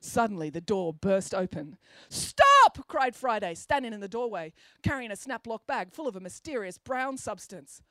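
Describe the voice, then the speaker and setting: A woman reading a children's story aloud, expressive and good-humoured. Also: mid-range voice, moderate pace, hardly any pauses, no echo, clean studio sound.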